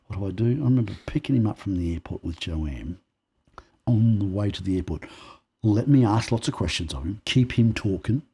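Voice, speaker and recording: Man, very raspy voice, mellow tone, lively storyteller, acts out dialogue. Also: on the low side, fairly quick. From Australia. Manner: animated storyteller who acts out quoted dialogue. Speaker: podcast guest. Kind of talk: personal storytelling in conversation.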